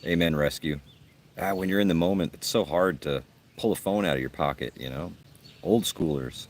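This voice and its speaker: A man hosting a casual outdoor livestream at a campsite, reading out viewer comments with a gruff, blunt, joking manner. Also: sits low, moderate pace. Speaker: livestream host.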